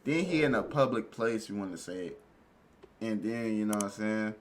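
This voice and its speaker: A man streaming live, reacting to a video with animated, slangy commentary and frequent exclamations. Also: lowish voice, moderate pace, slight background noise.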